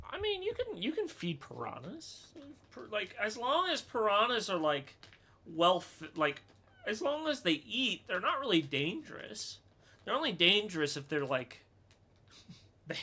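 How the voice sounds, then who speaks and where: A man's voice: high voice, big pitch swings, normal speed, bright, forceful tone. A man streaming a game, chatting casually and joking, with lots of filler words. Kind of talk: game commentary.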